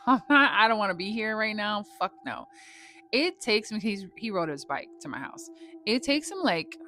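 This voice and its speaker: A woman's voice: medium pitch, a bit bright, slight background noise. A woman telling a personal story in a casual, slangy way, swearing freely as she goes.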